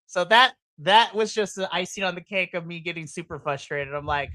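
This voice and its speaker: A woman's voice: fairly low pitch, expressive, measured pace, fairly bright tone, no echo. A woman hosting a live podcast in a casual chat. She rants with passion, breaking into playful, exaggerated asides. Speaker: podcast host. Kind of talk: casual livestream reaction chat.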